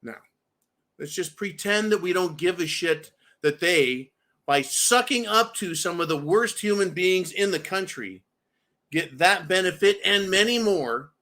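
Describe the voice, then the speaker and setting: A man's voice: high-pitched, lively intonation, a little slow, bright, forceful tone. A man hosting a political commentary show, ranting angrily and swearing constantly while he talks to his viewers. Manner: profane, furious, repeatedly addresses viewers as folks. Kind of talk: angry political rant.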